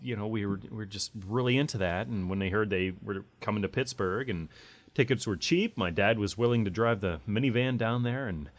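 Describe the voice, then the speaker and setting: A man's voice: on the low side, a little fast, no room sound. A man in his forties hosting a podcast, asking questions in a loose, easygoing way. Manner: loose, lots of fillers, asks questions. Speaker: podcast host. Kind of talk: casual chat.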